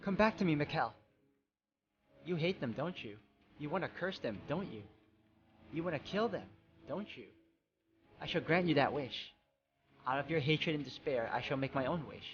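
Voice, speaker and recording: A cold, scornful witch spirit, played by a man reading a video game aloud, speaking softly and insinuatingly. The recording sounds slightly dull. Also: fairly high pitch, animated, moderate pace, long pauses, a little hiss or hum, close to an everyday voice. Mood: tempting. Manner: quiet, taunting, insinuating.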